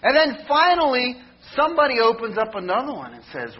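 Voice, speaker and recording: A man preaching a humorous sermon, telling jokey stories with animated mock shouting. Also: extremely high pitch, a little fast, dull audio.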